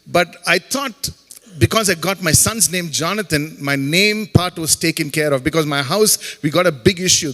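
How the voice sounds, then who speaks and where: A middle-aged man from Chennai, speaking Indian-accented English in a slightly high, fairly bright voice, gives a humorous, faith-based talk as a guest speaker. He throws jokey asides to the audience, and the campus auditorium adds a long hall reverb.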